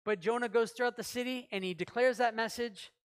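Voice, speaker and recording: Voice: medium pitch, a little fast, clean tone. A pastor preaching a sermon in a church service, talking conversationally, asking the congregation questions and acting out short quoted lines.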